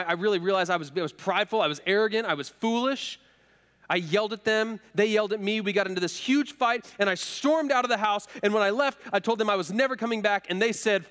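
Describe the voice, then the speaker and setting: A man's voice: sits high, a bit bright, long reverb tail, pitched above the performer's own voice. A man voicing a nervous young man on his way home to estranged parents, who stumbles and repeats words as he speaks.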